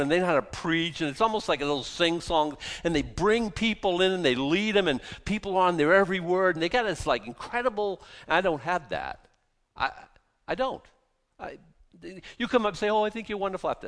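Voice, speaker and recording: A man's voice: high voice, fairly bright tone. A man preaching a casual, conversational Bible sermon, folksy and self-deprecating, often restarting his sentences. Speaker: pastor.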